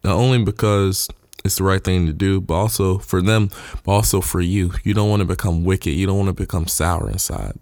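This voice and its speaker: Man, lower voice, informal preacher type, earnest and repetitive, close dry sound. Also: brisk, darkish tone, dry recording. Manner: earnest, repeats points for emphasis; retells scripture in everyday terms. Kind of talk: informal sermon.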